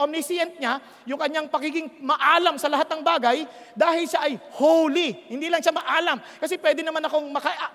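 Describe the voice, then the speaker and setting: A woman preaching a sermon, often checking that her listeners are following and slowing down to stress key words. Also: high-pitched, fairly bright tone. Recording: long hall reverb.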